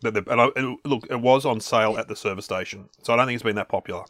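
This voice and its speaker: A man co-hosting a casual taste-test chat, chatty and quick to get excited, often restarting his sentences. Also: lowish voice, dry recording. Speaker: co-host.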